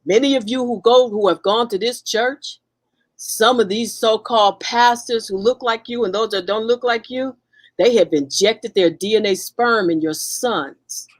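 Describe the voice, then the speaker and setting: A woman's voice: fairly high pitch, measured pace. A woman guest in an impassioned conversation, talking fervently and emphatically with frequent restarts.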